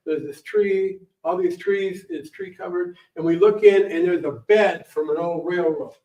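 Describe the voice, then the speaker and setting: Animated middle-aged man telling a story. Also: sits high. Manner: animated, rambling, acts out voices. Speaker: guest speaker. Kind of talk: personal storytelling talk. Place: library event room. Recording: dull echoey sound from a distant mic.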